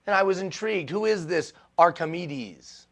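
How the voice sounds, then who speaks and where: A male motivational speaker giving a live keynote talk, animated and self-deprecating, repeating phrases for emphasis. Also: high voice, normal speed. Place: stage before a live audience.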